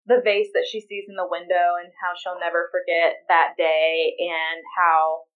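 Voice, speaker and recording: A woman's voice: on the low side, little pitch movement, a little slow. A woman co-hosting a podcast in casual chat, bubbly and laughing often. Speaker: podcast co-host. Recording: slightly dull lo-fi sound.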